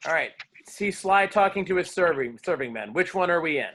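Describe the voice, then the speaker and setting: A man teaching a class on verse, lively, explaining and quizzing his students. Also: a little high, brisk, slight background noise. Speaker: drama teacher. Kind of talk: classroom lecture.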